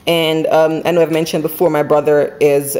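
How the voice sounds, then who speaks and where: A woman chatting casually at home about her couponing haul, running through prices quickly and laughing now and then. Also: sits low, little pitch movement, darkish tone. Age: adult with school-age kids. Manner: chatty, quick, runs numbers aloud, laughs often. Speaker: couponing vlogger. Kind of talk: casual haul video chat. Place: home, indoors.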